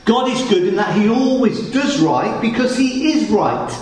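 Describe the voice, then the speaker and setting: High-voiced preacher in an echoey hall. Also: male voice, animated, normal speed, darkish tone. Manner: emphatic, repeats words for weight. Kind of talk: sermon. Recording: echoey hall, distant mic.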